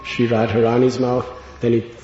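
A man's voice: medium pitch, flat delivery, normal speed, a little hiss or hum. Earnest male spiritual storyteller, reflective tone, faint ambience behind, echoey hall recording. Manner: earnest, reflective, with gentle laughs. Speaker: spiritual speaker. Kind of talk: devotional storytelling talk. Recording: dull lo-fi recording in an echoey hall with long reverb.

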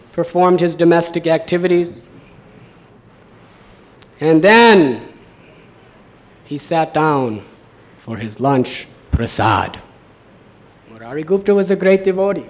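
A man with a fairly high voice tells a devotional story as a sermon. His delivery is animated, with repeated words for emphasis. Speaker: storyteller, preacher.

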